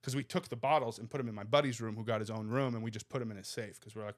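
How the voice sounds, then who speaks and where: A man in his thirties, a comedian guest, telling a wild story in rapid, profane, laughing bursts. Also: lowish voice, steady tone. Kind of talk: casual storytelling.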